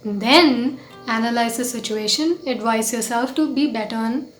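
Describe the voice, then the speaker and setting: A woman speaks in an earnest, conversational way, often restarting her sentences as she tells a story and reflects on it. Her fairly high voice echoes around a roomy space while soft music plays in the background. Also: normal speed. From India. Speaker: host and mindfulness coach. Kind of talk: storytelling vlog talk. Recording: roomy echo, faint music.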